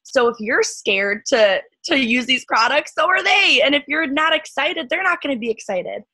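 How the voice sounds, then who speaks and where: A young woman with a fairly high voice gives an upbeat pep talk to her sales team. She is chatty and full of fillers, and her voice sounds slightly hoarse. The sound is dry and close. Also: animated, moderate pace, bright, forceful tone, no echo, rough recording. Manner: chatty, peppy, lots of fillers. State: voice cracking and hoarse. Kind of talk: motivational team call.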